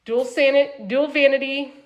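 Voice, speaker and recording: A woman's voice: sits high, steady tone, measured pace, muffled recording. A woman hosting a walkthrough tour inside a manufactured home, chatty and upbeat as she talks straight to viewers, tired at the end of a long day. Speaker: home sales host giving a tour.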